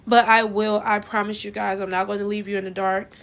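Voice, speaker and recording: A woman telling her own story to her viewers in a casual, earnest way, rambling and halting with lots of fillers and restarts. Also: mid-range voice, level tone, gravelly, fairly bright tone. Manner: earnest and emotional.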